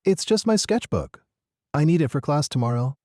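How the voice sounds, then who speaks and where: Guy putting on a shy skinny schoolboy voice, higher and soft, apologetic, storybook read. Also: very animated, normal speed, no room sound, clean studio sound. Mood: timid. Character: shy scrawny poor schoolboy, timid.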